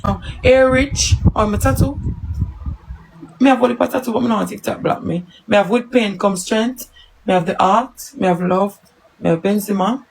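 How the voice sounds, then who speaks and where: A woman's voice: medium pitch, normal speed, gravelly, a little hiss or hum, low-quality recording. A woman with a Jamaican accent chatting casually on a live stream, answering viewers and telling stories in patois.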